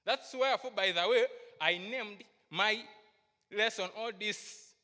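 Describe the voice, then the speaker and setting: Slow, bright-voiced woman preaching. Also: medium pitch, big-room sound. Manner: slow, emphatic, asks the congregation questions. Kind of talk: sermon. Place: church hall.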